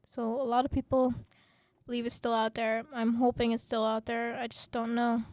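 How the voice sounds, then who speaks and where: A woman hosting a student radio podcast, talking with passion and many fillers, then reading her script in a calmer presenter voice. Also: fairly high pitch, normal speed, dry recording. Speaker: podcast host.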